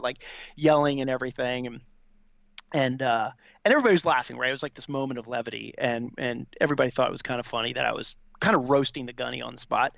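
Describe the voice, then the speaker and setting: A man, a former Marine officer, telling anecdotes as a podcast guest in a quick, animated way with many fillers. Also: mid-range voice, creaky, dry recording, highs cut off. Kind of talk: casual storytelling.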